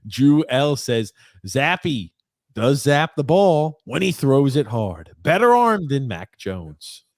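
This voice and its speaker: A man's voice: medium pitch, big pitch swings, takes it slowly, dry recording, clean studio sound. A man co-hosting a casual sports podcast, teasing his partner and laughing often as he talks. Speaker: podcast co-host.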